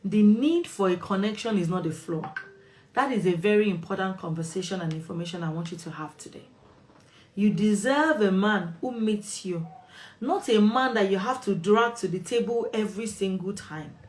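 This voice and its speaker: A woman's voice: medium pitch, normal speed, darkish tone. A woman host talking straight to her viewers with relationship advice, firm and emphatic, repeating phrases for stress. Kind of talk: direct-to-camera advice talk.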